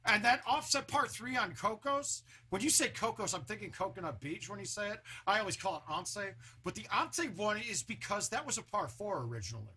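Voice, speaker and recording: A man's voice: high-pitched, sing-song, fairly quick, few pauses, bright, forceful tone, husky. A man chatting casually on a home live stream, loose and talkative, with a sore throat.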